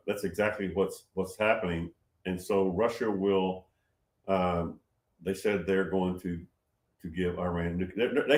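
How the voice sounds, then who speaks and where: Man, lowish voice, rambling, repeats himself, emphatic, casual livestream talk, echoey room. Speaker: host of a prophetic livestream.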